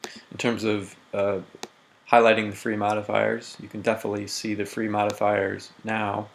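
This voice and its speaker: A man teaching a recorded grammar lesson, walking methodically through diagrams and reading example sentences slowly with emphasis. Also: on the low side, monotone, gravelly, a little hiss or hum.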